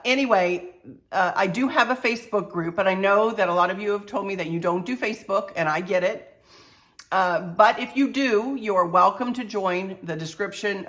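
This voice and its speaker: An older woman with a head cold, talking to camera about her home decor channel in an unhurried, heartfelt, chatty way. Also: fairly low pitch, fairly bright tone. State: stuffy-nosed with a cold. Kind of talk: casual heartfelt talk to camera.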